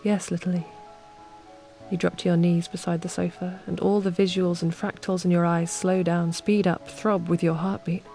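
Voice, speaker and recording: A woman narrating a calm bedtime story in the second person, at an unhurried pace. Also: on the low side, vocal fry. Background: soft ambient music.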